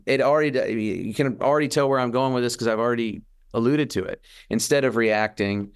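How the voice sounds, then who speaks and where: Speaking a little fast in a smooth, medium-pitched voice, this podcast co-host is casual, thoughtful and sincere, animatedly acting out quotes and frequently starting his sentences over.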